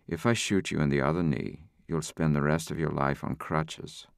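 A man voicing a calm, menacing male intruder who speaks in a quiet, level, softly threatening way. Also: rumbling low, moderate pace, gravelly, smooth, no room sound, studio quality. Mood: cold menace.

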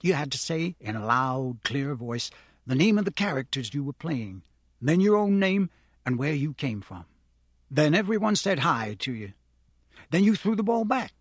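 A man's voice: a little high, no echo, clean studio sound. A man narrating a novel aloud, shifting his voice up for the characters he quotes. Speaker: audiobook narrator.

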